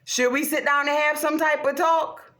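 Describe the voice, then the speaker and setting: A woman ranting casually to her viewers, swearing heavily, animated and laughing often. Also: sits high, moderate pace. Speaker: vlogger. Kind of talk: casual rant to camera. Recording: roomy echo.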